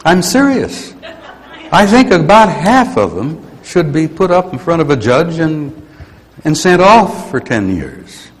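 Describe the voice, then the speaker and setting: A man's voice: on the high side, sing-song, takes it slowly. An older man giving a rambling, grumpy, folksy talk to an audience. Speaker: speaker addressing an audience. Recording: long hall reverb.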